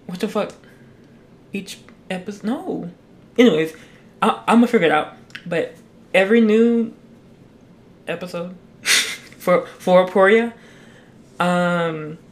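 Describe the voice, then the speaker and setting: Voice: medium pitch, slight background noise. A young adult hosting a solo podcast into a mic, chatting casually, rambling with lots of restarts and constant swearing. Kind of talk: casual chat. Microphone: talking into a mic.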